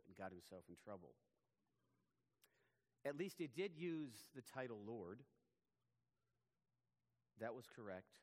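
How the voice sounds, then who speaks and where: A pastor preaching a sermon, earnest and emphatic. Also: male voice, fairly low pitch, darkish tone. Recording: long hall reverb.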